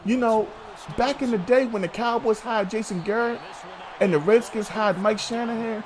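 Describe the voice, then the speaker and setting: A man's voice: high-pitched, moderate pace. A man hosting a sports talk show, arguing heatedly with a co-host, swearing and calling him bruh.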